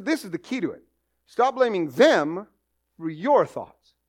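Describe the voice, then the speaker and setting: A middle-aged man preaching a sermon as pastor, animated and jokey, with acted asides. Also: sits high.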